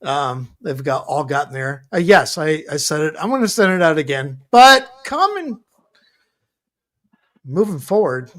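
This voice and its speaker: A man co-hosting a casual stream, speaking bluntly with halting restarts and some swearing. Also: a little high, a bit bright. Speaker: co-host.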